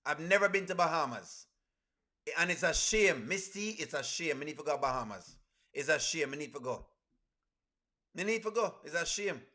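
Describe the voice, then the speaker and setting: Bright high-voiced male streamer. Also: animated, normal speed. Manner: reads viewer comments aloud, shouting out cities; chatty, addresses viewers as friends. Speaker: live stream host. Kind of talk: casual live stream chat.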